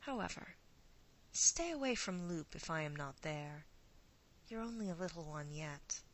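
A woman's voice: low voice, lively intonation, unhurried, poor audio. A woman voicing an ancient predatory female creature who poses as a countess, with a purring, seductive, coaxing manner.

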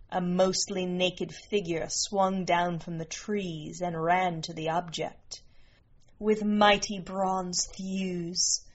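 Slow, measured woman narrating a story. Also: mid-range voice. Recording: muffled lo-fi recording.

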